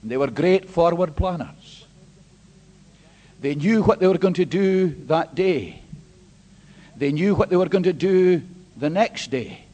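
A man pastor preaching an emphatic sermon, swinging between hushed and loud. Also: high-pitched, expressive, slow pace, pauses often, muffled recording. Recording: long hall reverb.

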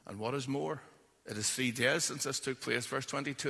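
Preacher in an echoing hall. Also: male voice, normal speed, gravelly, pushed and bright, breathy edge. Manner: storytelling, acts out quoted voices with rising pitch. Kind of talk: sermon.

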